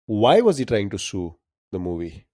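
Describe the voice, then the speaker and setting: Man, casual trivia chat, laughs often, mellow, dry. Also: fairly low pitch, very animated, moderate pace, no echo. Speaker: podcast co-host.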